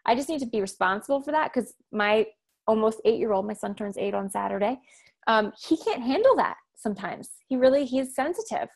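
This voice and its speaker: A woman in her thirties, a communication coach talking as a podcast guest, loud, direct and fast-talking. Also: on the high side, lively intonation, gravelly. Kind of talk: conversational podcast interview.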